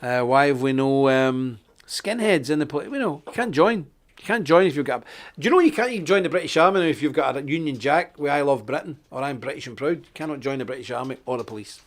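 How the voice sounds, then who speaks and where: A man's voice: mid-range voice, animated, fast. A middle-aged Scottish man hosting a live online show, ranting indignantly with sarcastic asides. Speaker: host.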